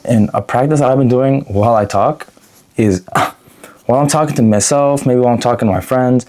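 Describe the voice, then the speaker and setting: A man's voice: mid-range voice, a little mellow. Profane, rambling young man vlogging. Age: young adult. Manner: quick, shifting pace; frequent restarts and self-corrections. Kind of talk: unedited vlog monologue.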